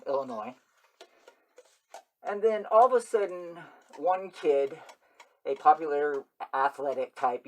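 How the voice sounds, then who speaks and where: A man hosts his own channel in a rambling, repetitive monologue. When he mimics people, he breaks into loud, high yelps.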